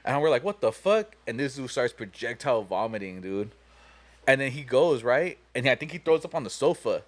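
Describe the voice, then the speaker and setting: A man's voice: medium pitch, a little fast. A young man hosting a podcast, telling a long story casually, profane and laughing as he goes. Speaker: podcast host.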